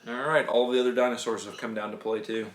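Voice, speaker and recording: Playful father, teasing build-video host, roomy echo, steady background noise. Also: mid-range voice, fast. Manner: jokey, upbeat, teasing. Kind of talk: playful LEGO building commentary with his son. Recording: echoey room with background noise.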